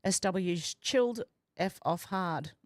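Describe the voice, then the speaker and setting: A woman's voice: on the low side, slow pace, dry recording, studio quality. Woman reading out live chat. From Australia. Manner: reads viewer comments aloud in a chatty, amused tone. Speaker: livestream host reading chat. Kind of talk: casual livestream chat. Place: home, doors and windows open.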